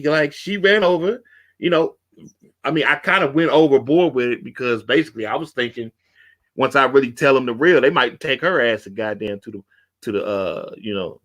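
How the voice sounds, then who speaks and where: Man, podcast host, casual storytelling, animated delivery, mid-pitched voice. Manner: animated street storyteller, acts out quotes.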